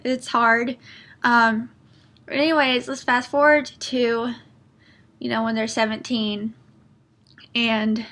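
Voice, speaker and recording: A woman with a high, bright voice talks through a book review in a casual vlog. She is earnest and rambling, with lots of fillers and restarts. She is openly emotional and close to tears. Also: gravelly.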